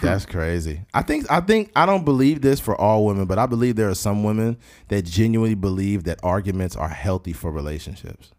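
A man co-hosting a casual podcast chat, lively and animated, acting out quotes in high mocking voices. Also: brisk, few pauses. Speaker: podcast co-host.

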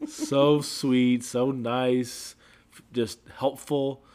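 A man's voice: mid-range voice, little pitch movement, drawn-out words, darkish tone. A man co-hosting a casual podcast, backing up his partner's stories with short agreements. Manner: supportive, chiming in with short agreements. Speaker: podcast co-host and father. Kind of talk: casual chat.

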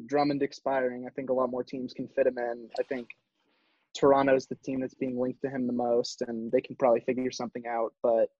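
A man's voice: medium pitch, darkish tone, dry recording, lo-fi sound. A man co-hosting a casual sports podcast in an easygoing, agreeable way. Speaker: podcast co-host.

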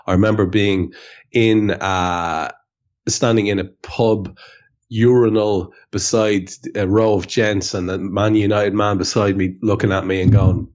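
A man's voice: lowish voice, steady tone, a little slow, darkish tone, muffled recording. A man hosting a casual football podcast, telling stories and steering the talk. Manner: storytelling, steers the conversation. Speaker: podcast host.

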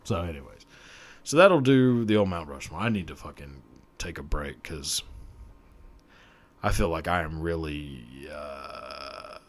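A man's voice: rumbling low, animated, unhurried. A young man hosting his own podcast, talking alone in a rambling, profane, self-mocking way, laughing often. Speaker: podcast host. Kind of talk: casual solo podcast monologue.

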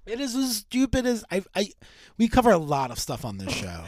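A man's voice: high-pitched, wildly swooping pitch, a little fast, a little mellow, dry recording, studio quality. A man co-hosting a casual podcast, riffing in a joking, exasperated way with lots of likes and restarts. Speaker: podcast co-host. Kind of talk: casual comedic chat.

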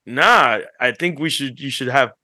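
A man co-hosting a podcast, telling animated stories that act out what others said, swearing freely as he chats. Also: mid-range voice, a little slow, no echo, clean studio sound. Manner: animated storyteller, acts out quotes, swears freely. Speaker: podcast co-host. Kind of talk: casual chat.

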